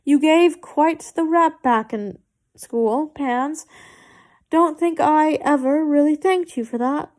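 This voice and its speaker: A woman's voice: sits high, takes it slowly, a little mellow. A woman reading as a smug young wizard. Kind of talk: amateur fan fiction reading.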